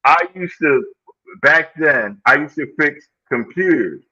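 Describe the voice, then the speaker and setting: A man's voice: on the high side, lively intonation, a little slow, sharp tone, muffled recording. A man in his sixties hosting a casual live group chat, telling stories and checking in with "right?" as he goes. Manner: storytelling, keeps checking in with "right?".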